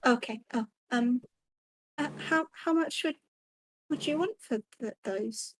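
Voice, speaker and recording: A woman player speaks slowly and hesitantly, stumbling through restarts. Her voice sits a little high. Faint noise runs under the recording. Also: low-quality recording. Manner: hesitant, many ums and restarts. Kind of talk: casual in-character play.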